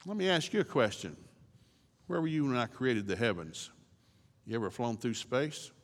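A man's voice: mid-range voice, very animated, moderate pace, in a large hall, voice pushed down. A man voicing a folksy, fatherly God who talks bluntly and plainly. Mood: challenging. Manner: casual, joking, down-to-earth.

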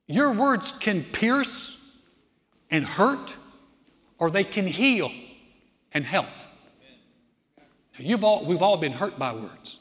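A pastor in full sermon mode, his high voice carrying through a large hall with a long reverb tail. He preaches with animation, leaning hard on repeated phrases to drive each point home. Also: lively intonation, takes it slowly, pauses often, fairly bright tone.

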